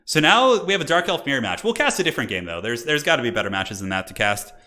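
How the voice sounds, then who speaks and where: A man casts a live game tournament on his stream, chatting with viewers in chat as he goes. His voice is medium-pitched and he talks fast, staying animated and chatty throughout.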